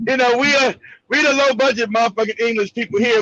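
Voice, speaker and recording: Brief: animated, profane male host, very high and bright voice, muffled lo-fi sound. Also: fairly quick, creaky, slight background noise. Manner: animated, profane, laughing often. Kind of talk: casual live talk show. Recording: dull lo-fi audio.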